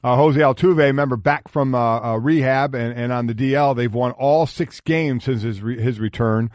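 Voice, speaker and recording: A male sports radio co-host who reels off statistics with lots of stops and restarts. His humor runs dry and sarcastic. His voice is at a middle pitch and recorded dry and close. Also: darkish tone, no room sound. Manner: sarcastic, halting with fillers.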